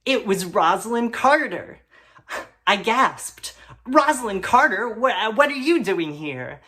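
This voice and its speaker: A man's voice: fairly high pitch, normal speed. A man playing an awkward teen boy reading his fan fiction. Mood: earnest. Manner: mumbling, hesitant asides with flat earnestness. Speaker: comedy performer. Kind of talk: deadpan comic reading of melodramatic prose.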